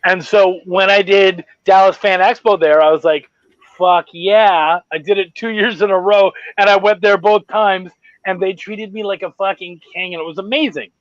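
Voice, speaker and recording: An excitable Canadian man hosts a casual chat with a high, lifted voice, swearing freely as he goes. The sound is dry and a little dull, with no room behind him. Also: moderate pace, no room sound. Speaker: podcast host.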